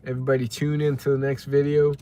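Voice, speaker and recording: A man's voice: medium pitch, completely flat delivery, quick pace, dark tone. A young man chatting casually on a live stream, rambling and greeting viewers by name as he reads the chat. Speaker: livestreamer reading chat.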